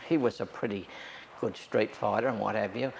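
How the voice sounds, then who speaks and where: A man's voice: lowish voice, moderate pace, gravelly, slight background noise. An older Australian man telling anecdotes from his youth in an oral history interview, acting out the voices of the people he quotes.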